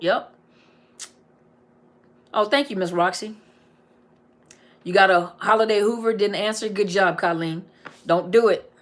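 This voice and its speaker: A middle-aged woman counselor on a casual live stream, reading viewer comments aloud and answering them, often repeating key phrases for emphasis. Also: mid-range voice.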